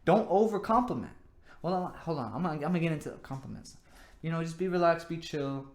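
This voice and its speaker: A man's voice: a little high, animated, a little fast, darkish tone. A man hosting his own vlog, giving dating advice in a rambling, casual monologue, repeating words and saying "you know" often. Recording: echoey room.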